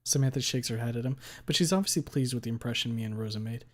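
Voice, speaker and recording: A man reads a visual novel aloud as its first-person narrator. His voice sits at a middle pitch, and his delivery is even and steady. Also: fast.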